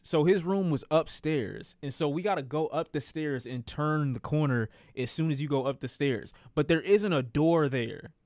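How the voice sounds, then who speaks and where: A young man with a somewhat high voice tells an animated storytime on his stream, cursing and repeating phrases for emphasis as he circles back over his own lines. It's casual storytelling, and the recording is dry and close, with no room sound.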